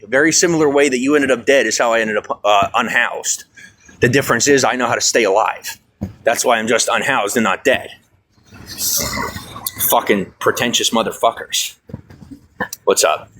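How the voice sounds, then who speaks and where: A stressed, fired-up man venting on a livestream, swearing often and swinging from loud outbursts to low mutters. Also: a little hiss or hum. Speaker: livestream host. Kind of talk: angry livestream rant. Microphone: phone.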